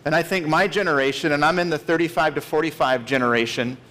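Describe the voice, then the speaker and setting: A man's voice: a little high, fast talker, fairly bright tone. A man in his late thirties preaching a sermon as pastor, earnest and emphatic, stressing key words. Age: 30s.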